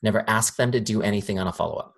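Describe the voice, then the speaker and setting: A man giving a live sales training talk, lively and questioning the audience. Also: lowish voice, racing, creaky. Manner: lively, acts out quoted voices, asks audience questions.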